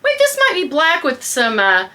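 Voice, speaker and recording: Her voice sits high and keeps a normal speed as the middle-aged vlogger gushes excitedly through a casual unboxing. Along the way she calls her viewers "girl" and whispers asides.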